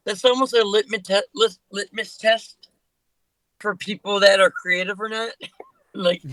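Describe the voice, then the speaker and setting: A man's voice: sits high, fairly even intonation, measured pace, fairly bright tone, dry recording, rough recording. A man who is a guest musician on a podcast, talking casually and rambling with many restarts.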